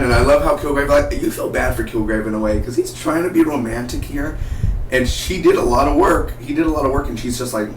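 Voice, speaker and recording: Casual male TV reviewer, rambling and animated, echoey room with faint noise behind. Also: mid-range voice, a little fast. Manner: rambling, animated, acts out characters' lines. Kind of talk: casual episode recap. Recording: roomy, distant from the mic, faint noise.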